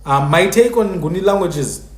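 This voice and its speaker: A man's voice: high-pitched, lively intonation, normal speed, roomy sound. A man hosting a live stream, explaining in a casual lecturing way and repeating sounds to demonstrate them. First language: Sephuthi.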